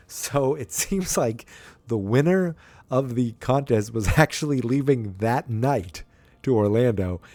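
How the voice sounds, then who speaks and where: A man casually recapping a sitcom episode, rambling with frequent ums and restarts, and jumping into a higher voice to act out the characters' lines. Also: darkish tone, dry recording. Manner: acts out characters' quotes in a higher voice.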